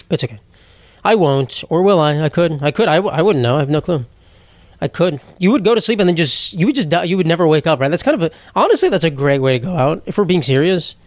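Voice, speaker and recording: Rambling, sarcastic young comedian, dry close sound. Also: male voice, a little high, no echo. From New York. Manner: rambling, sarcastic, swears freely, laughs at own jokes. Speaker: podcast host, comedian. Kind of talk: solo comedic podcast monologue.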